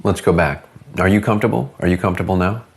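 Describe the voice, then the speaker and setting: A man conducting a mock interview in a calm, probing, deadpan way. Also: deep voice, quick pace, gravelly.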